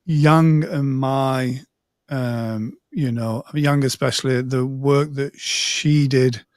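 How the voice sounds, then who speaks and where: Regular-pitched guy on a video call, chatty, dry close mic. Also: steady tone, takes it slowly, a little mellow, dry recording. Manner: chatty, reads comments aloud. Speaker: guest hypnotist. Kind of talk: casual video chat.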